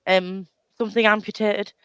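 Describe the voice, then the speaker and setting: A woman's voice: medium pitch, little pitch movement, moderate pace, fairly bright tone, clear, resonant tone, no echo. A woman chatting casually about a book on a live show, rambling with many restarts and self-deprecating laughs. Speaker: book club co-host.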